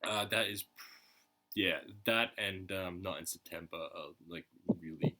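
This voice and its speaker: A man hosting a music reaction video, talking in a halting, earnest way with lots of restarts and fillers, sounding choked up. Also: deep voice, noisy background. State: choked up, emotional. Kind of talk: casual reaction commentary.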